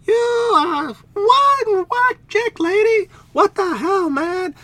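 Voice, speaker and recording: A man voicing a haughty young princess in a shrill, shrieking voice. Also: lively intonation, takes it slowly, pushed and bright, dry recording, heavily acted. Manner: shrieking, indignant.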